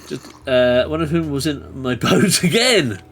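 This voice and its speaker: A man chatting through a live game stream, bursting into excited taunting yells now and then. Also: fairly high pitch, a little slow, soft background music. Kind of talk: live gaming stream commentary.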